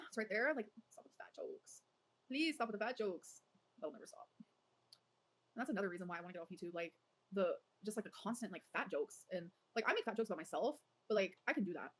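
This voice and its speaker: Fast-rambling woman livestreamer. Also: medium pitch. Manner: rambling, heavy use of "like". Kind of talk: casual livestream chat.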